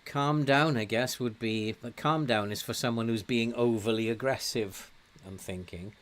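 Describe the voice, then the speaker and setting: A man's voice: mid-range voice, normal speed, fairly bright tone. An older man from England giving casual commentary while playing a football management game, chatty and laughing often, cheering his team on. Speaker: game streamer.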